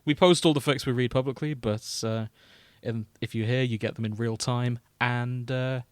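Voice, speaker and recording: A man's voice: medium pitch, steady tone, normal speed, clean tone, no echo. A man hosting a casual comedy podcast, joking as he leads the talk. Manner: jokey, leads the reading. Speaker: podcast host.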